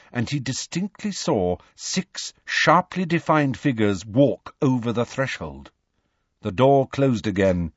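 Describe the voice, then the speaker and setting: Male narrator, husky, lively delivery, dry and slightly dull recording. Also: on the low side, dry recording. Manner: lively, expressive storytelling. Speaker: audiobook narrator. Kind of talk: scripted narration.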